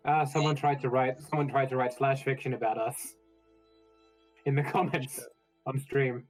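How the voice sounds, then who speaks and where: A man's voice: medium pitch, steady tone, normal speed, faint music behind, low-quality recording. A man chatting out of character with his tabletop group over a voice call, joking and laughing often. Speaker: player. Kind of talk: casual out-of-character chat. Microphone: online voice call.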